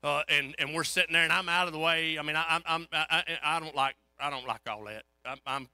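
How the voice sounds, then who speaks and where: Folksy high-voiced preacher. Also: male voice, fairly quick, clear, resonant tone, dry recording. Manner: folksy, animated storytelling. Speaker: pastor. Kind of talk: storytelling sermon.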